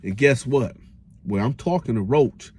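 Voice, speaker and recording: A man hosting a casual storytime, telling a prison tale in animated slang with his own sound effects. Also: medium pitch, measured pace, husky. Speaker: storyteller host.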